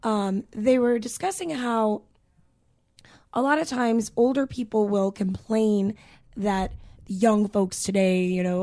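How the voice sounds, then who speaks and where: Casual chat: young woman, mellow tone, dry close sound, loose and sweary. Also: medium pitch, fairly even intonation, slow, no echo. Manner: casual swearing, lots of fillers.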